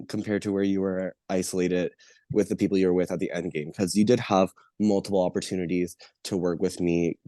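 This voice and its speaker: A man with a cold speaks in a very low, mellow voice. He sounds slightly winded and earnest as he questions a finalist from the jury. The sound is close and dry. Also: dry recording. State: sick, coughing. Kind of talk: casual online call.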